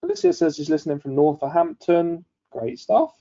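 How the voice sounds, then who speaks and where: A man's voice: a little high, wildly swooping pitch, normal speed, creaky, dark tone, highs cut off. A man hosting a live online coaching session, upbeat and chatty, reading out viewers' comments as he goes. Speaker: webinar host.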